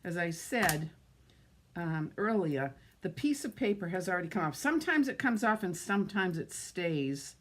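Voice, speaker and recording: Massachusetts lady doing a live card demo, talks to viewers as she works, kinda low voice. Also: sing-song, moderate pace. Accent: Boston-area Massachusetts. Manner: chatty, greets viewers by name, thinks aloud while working. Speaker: card-making livestream host. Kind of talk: casual live crafting demo.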